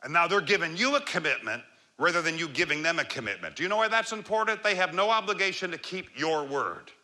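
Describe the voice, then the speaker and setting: A man delivers a keynote on leadership to a live audience, his pitch leaping and dropping with lively range. His voice is very bright and sharp, and he moves between forceful emphasis and a low, slow, calm register. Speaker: leadership speaker. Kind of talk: motivational keynote talk.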